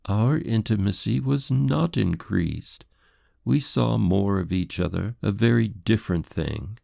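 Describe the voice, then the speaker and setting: A haughty society lady in an audiobook, prim and defensive, her voice lifted well above the deep gravelly tone of the man reading her. She speaks formally and with indignation. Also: animated, measured pace, warm tone, no room sound, clean studio sound, full character voice.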